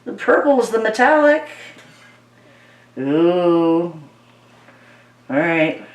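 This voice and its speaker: Lively-voiced woman coaxing her paint. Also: on the low side, very slow, recorded from a distance. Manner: talks to the paint, coaxing it along; playful, easily delighted. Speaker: paint pouring crafter. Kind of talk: chatty narration while working. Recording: echoey room, mic set back.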